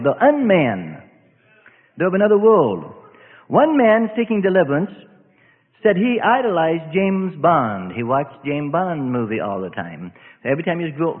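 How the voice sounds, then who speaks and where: A male preacher giving an emphatic sermon in a church assembly hall, often breaking in with "see?". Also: fairly high pitch. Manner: emphatic, repetitive, keeps asking "see?". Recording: echoey hall, tinny phone-like sound.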